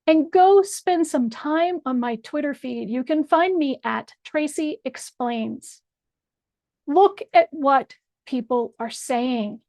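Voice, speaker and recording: A high-pitched woman speaks slowly and deliberately, hammering home each point in an angry, profane rant. She talks straight to camera, and her voice sounds close and dry. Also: a little mellow, no room sound. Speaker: political commentator. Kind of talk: direct-address video rant.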